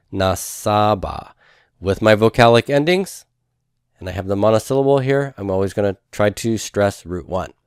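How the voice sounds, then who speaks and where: A man teaching a grammar lecture, speaking slowly and carefully, repeating each form twice and trailing off at the ends of phrases. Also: fairly low pitch, no room sound, studio quality. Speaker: Biblical Hebrew teacher.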